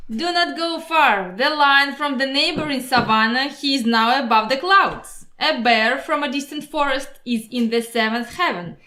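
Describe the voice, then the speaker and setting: A woman voicing a boastful, proud male mosquito who pitches himself like a salesman, grandiose and persuasive. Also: moderate pace, few pauses, bright, forceful tone. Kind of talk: storybook voice acting. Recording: roomy echo.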